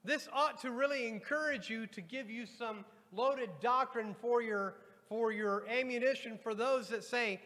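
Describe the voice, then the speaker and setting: A man's voice: extremely high pitch, fairly even intonation, normal speed, hardly any pauses, pushed and bright. A pastor preaching a sermon to his congregation, reading scripture aloud and addressing the people directly. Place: church sanctuary. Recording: long hall reverb.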